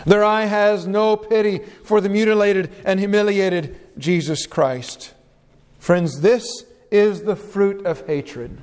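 A man's voice: sits high, takes it slowly, darkish tone, clear, resonant tone, big-room sound. A male pastor preaching an expository sermon, reading scripture verses aloud and explaining them with emphasis.

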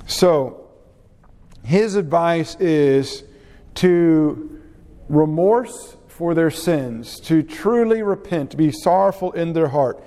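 Man, Bible class teacher, hesitant fillers, warm dark tone, long hall reverb. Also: fairly high pitch, animated. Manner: unhurried, with frequent "uh" fillers.

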